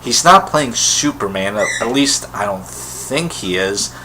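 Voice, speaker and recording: A man's voice: on the low side, expressive, measured pace, noisy background. A man talking casually to camera in his own vlog, rambling enthusiastically about something he is a fan of, with lots of fillers and restarts. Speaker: vlogger. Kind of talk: casual solo vlog commentary.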